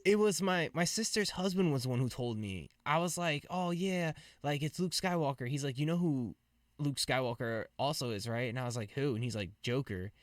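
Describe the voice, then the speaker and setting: Casting: relaxed man streamer host, mid pitch, dry close mic, easy laugh. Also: brisk, dry recording. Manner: laid-back, laughs easily. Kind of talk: casual chat.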